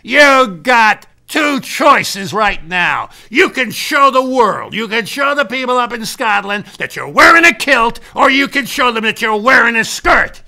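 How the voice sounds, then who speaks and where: A man putting on a gruff, mocking old father. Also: high voice, completely flat delivery, drawn-out words, hardly any pauses, pitched above the performer's own voice, exaggerated voice. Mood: scolding. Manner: loud, mocking, shouting.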